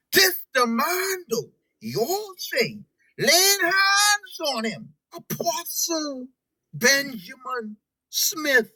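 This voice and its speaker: A woman's voice: high voice, sharp tone, no echo, low-quality recording. A Bahamian woman giving scornful, preachy commentary over video clips. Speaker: political commentator.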